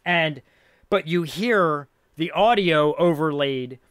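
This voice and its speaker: A man's voice: a little high, slow, a bit bright, smooth, dry recording, studio quality. A man hosting a casual film podcast, rambling and thinking aloud, laughing often as he talks. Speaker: podcast host.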